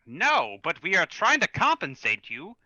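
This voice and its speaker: A man's voice: high voice, huge pitch swings, unhurried, pushed and bright, dry recording, highs cut off. A man playing a tabletop role-playing game, speaking expressively and slipping into his character. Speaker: player.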